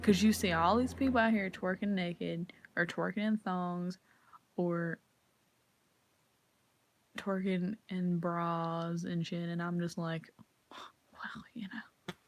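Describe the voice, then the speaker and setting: A woman vlogger rants casually to camera, swearing freely and acting out the people in her stories with profane, animated energy. Her voice is fairly low, slow and full of pauses, in a dry recording.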